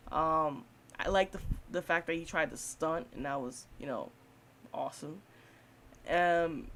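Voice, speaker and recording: Casual woman reviewer, mid voice, blunt and profane. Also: mid-range voice. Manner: blunt, swears freely, laughs often. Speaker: film reviewer. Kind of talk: casual spoken film review.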